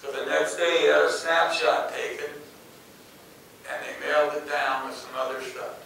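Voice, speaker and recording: A man's voice: on the high side, steady tone, moderate pace, vocal fry, pushed and bright, slight background noise. Folksy man telling stories in an echoey hall. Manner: folksy, anecdotal, acts out quoted voices. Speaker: speaker. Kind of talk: motivational storytelling talk. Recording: echoey hall, mic far off.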